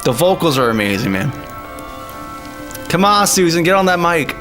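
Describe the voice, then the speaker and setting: A man's voice: on the high side, very animated, normal speed. A man streaming live and chatting casually, laughing often and calling people man and dude. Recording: faint music behind.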